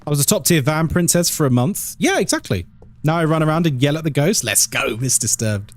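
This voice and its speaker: A man's voice: fairly high pitch, sing-song, a little fast. A man from England chatting casually on a live game stream, reading out chat and laughing often.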